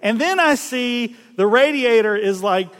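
High-voiced pastor in a hall. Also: male voice, a little slow. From South Louisiana. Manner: folksy, animated storyteller who acts out voices and laughs at himself. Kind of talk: storytelling sermon.

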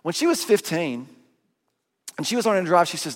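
A middle-aged man pastor giving a sermon, telling stories with self-mocking humor and voicing quick asides. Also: high voice, big pitch swings. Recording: long reverb of a big hall.

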